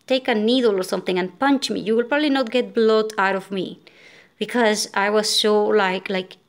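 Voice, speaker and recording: A woman's voice: medium pitch, fairly even intonation, normal speed. A woman from Venezuela, exhausted, telling a story as a frustrated vlogger rant, full of fillers and restarts.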